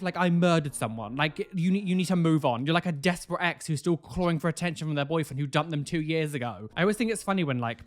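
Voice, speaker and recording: A man's voice: fairly high pitch, fairly bright tone. A young man hosting a reaction video, casual and exasperated, swearing freely as he rants sarcastically.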